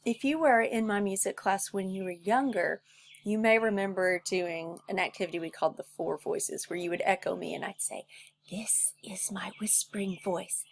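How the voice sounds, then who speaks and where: A woman's voice: medium pitch, moderate pace, creaky. A woman music teacher giving a recorded lesson for children, patient and encouraging, who shows each step by singing it herself. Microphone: recorded at home for a video lesson.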